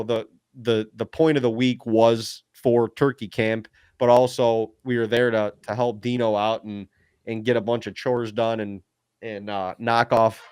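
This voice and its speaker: A man co-hosting a podcast, telling a hunting story in casual chat, excited and full of "dude" and "like". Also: fairly low pitch, clear, resonant tone, dry recording, studio quality. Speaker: podcast co-host.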